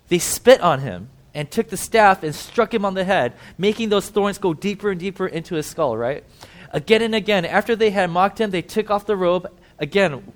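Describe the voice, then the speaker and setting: Fairly high-voiced man preaching vividly. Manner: vivid storytelling, swinging between emphatic and hushed; conversational asides to listeners. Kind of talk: sermon.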